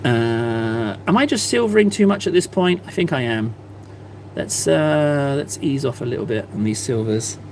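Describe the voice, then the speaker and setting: A man's voice: medium pitch, lively intonation, normal speed, darkish tone, slight background noise. A man chatting casually on a live stream, self-mocking and rambling as he paints. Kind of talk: casual livestream chat while painting.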